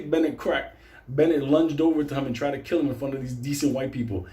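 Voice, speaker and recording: A man casually telling a story, animated and swearing constantly. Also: medium pitch, fast talker, roomy sound.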